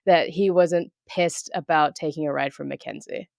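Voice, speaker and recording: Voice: mid-range voice, moderate pace, vocal fry, darkish tone, no room sound, clean studio sound. A podcast co-host with a woman's voice, chatting playfully about a movie and teasing their partner. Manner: playful, teasing, swears casually. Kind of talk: casual movie review chat.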